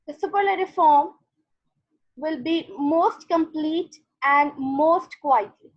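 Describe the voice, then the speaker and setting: A woman's voice: high-pitched, slow, dull audio. A woman teacher giving an online grammar lesson, explaining patiently step by step and checking in with "okay".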